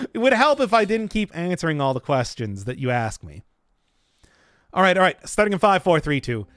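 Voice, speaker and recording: A man's voice: high-pitched, big pitch swings, normal speed, long pauses, fairly bright tone, dry recording, clean studio sound. A man streaming a video game, chatting casually with jokes and rambling restarts while answering chat. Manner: jokey, rambling, self-interrupting. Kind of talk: casual gameplay commentary.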